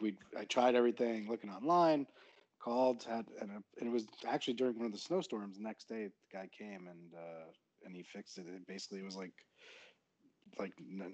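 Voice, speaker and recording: A man in casual chat, talking in loose, halting phrases with many fillers. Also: on the low side, a little mellow, muffled recording.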